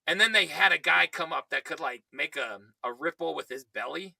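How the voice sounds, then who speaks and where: A young man telling a story in casual podcast chat, animated and swearing, while he is losing his voice. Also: a little high, brisk, gravelly, slightly rough, dry recording, recorded from a distance. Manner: animated, swearing, quoting himself. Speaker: podcast co-host.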